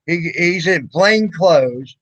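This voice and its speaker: Profane, bright-voiced storyteller man. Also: on the high side, slow, no room sound, low-quality recording. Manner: profane, animated, acts out quoted voices. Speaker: livestream host. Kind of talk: casual storytelling chat.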